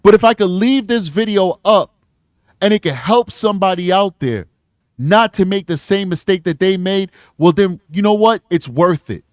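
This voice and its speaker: A man's voice: high-pitched, normal speed, a little mellow, no room sound, clean studio sound. A man hosting a true crime livestream, a detective talking bluntly and earnestly, sometimes getting emotional.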